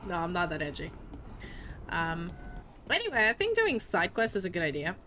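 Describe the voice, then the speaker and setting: A woman's voice: lowish voice, wildly swooping pitch, moderate pace, pauses often, sharp tone, soft background music. A young woman streaming a video game, chatting casually in a playful, joking way and swearing freely. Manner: playful, swearing, laughing often. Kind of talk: casual gaming commentary.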